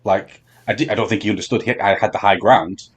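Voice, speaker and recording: A man telling a long story on a podcast, halting with many ums and restarts. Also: on the low side, steady tone, husky. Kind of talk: casual storytelling chat.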